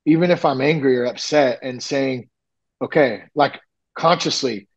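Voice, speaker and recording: A man talking candidly as a podcast guest, rambling with lots of fillers and lively retellings. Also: medium pitch, moderate pace, highs cut off. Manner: rambling, frequent "like" and "you know", animated retellings. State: nearly ten years sober. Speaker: podcast guest, recovery coach. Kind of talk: candid conversational storytelling.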